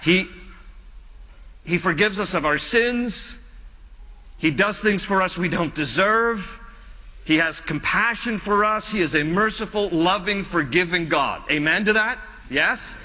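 A male pastor preaching a sermon in an earnest, pleading way, slowing down and dropping softer on key phrases. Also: high-pitched, big-room sound.

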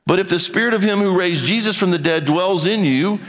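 Emphatic high-voiced male preacher in a hall. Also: a little fast, a bit bright. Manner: emphatic preaching, repeats key phrases. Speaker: pastor. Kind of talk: sermon.

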